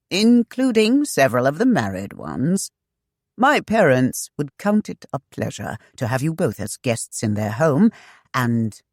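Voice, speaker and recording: A hearty, cordial gentleman of an earlier century, effusive and inviting, as the audiobook reader voices him. Slightly raised and bright, recorded dry and close. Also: medium pitch, no echo.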